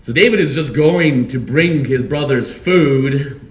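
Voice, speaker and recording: A man's voice: medium pitch, a little slow. A man preaching a sermon as pastor in a church, earnest and conversational with asides. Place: church sanctuary. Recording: echoey hall, mic at a distance, faint ambience.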